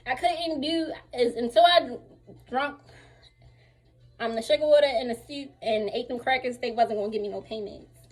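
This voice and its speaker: Chatty young woman with a high voice. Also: normal speed. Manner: chatty, animated retelling with acted-out quotes. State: sore, recovering from surgery. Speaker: vlogger. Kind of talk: casual storytime while getting dressed.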